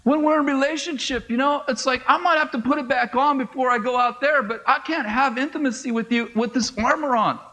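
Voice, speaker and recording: A middle-aged man, a pastor, preaching a conversational sermon with quick asides, acted-out dialogue and laughs. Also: extremely high pitch, bright, forceful tone, low-quality recording.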